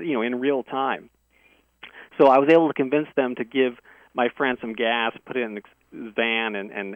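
A man's voice: mid-range voice, no echo. A male guest earnestly telling a detailed personal story in a conversational way, heard over a phone. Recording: tinny dry phone line.

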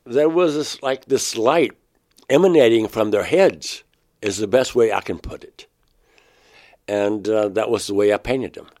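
A man being interviewed, telling of a personal experience in a halting way, often restarting words. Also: lowish voice, darkish tone. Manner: halting, restarts words, rises sharply when quoting himself. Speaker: interviewee, painter.

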